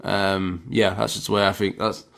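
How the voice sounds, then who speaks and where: A man, a vlogger casually retelling a story in an animated, rambling way. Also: sits low, moderate pace, creaky.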